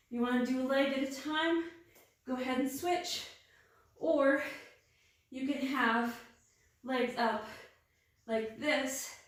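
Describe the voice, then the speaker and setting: A woman's voice: high-pitched, a bit bright. A young woman coaching a workout, counting reps and encouraging while out of breath. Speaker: fitness instructor. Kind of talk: guided workout instruction. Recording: very echoey room, distant mic.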